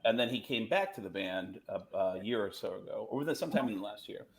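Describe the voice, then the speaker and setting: Man telling animated stories on a video call. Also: lowish voice. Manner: animated, quick vocal impressions in anecdotes. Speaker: comedian guest. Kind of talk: casual storytelling chat.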